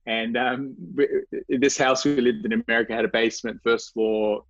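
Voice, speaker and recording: A man's voice: mid-range voice, fairly even intonation, normal speed, no room sound. A man as an interview guest telling a personal faith story, earnest and reflective, often restarting and repeating his words. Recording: dry, slightly dull recording.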